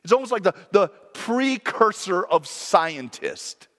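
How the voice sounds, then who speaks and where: A man's voice: high-pitched, lively intonation, a little slow, fairly bright tone, in a large hall. A man preaching a sermon in an earnest, reflective way, sometimes correcting himself mid-sentence.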